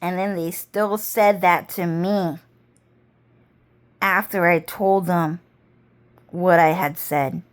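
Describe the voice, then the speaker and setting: A woman talking straight to the camera in a rambling casual monologue, full of swearing and drawn-out phrases. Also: lowish voice, fairly even intonation, clear, resonant tone. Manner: rambling, heavy profanity, drawn-out.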